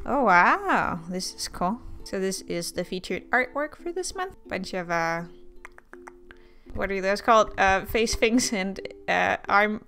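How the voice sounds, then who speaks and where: A woman's voice: mid-range voice, lively intonation, a little slow, sharp tone. A young woman chatting casually as she unboxes art supplies, playful and a little sarcastic. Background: faint guitar music.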